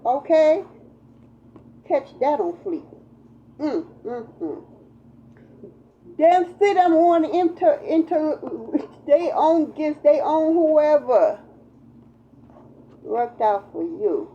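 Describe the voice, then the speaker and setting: A woman's voice: high voice, expressive, slow, long pauses, warm tone, dull audio. A woman tarot reader giving a casual spiritual reading, talking in a profane, emphatic, repetitive way.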